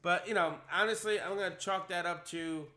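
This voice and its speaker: Bright-voiced man telling a bar story. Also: high voice, fairly quick. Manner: animated, acts out quotes in a rising voice. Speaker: podcast co-host telling a story. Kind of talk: casual storytelling chat.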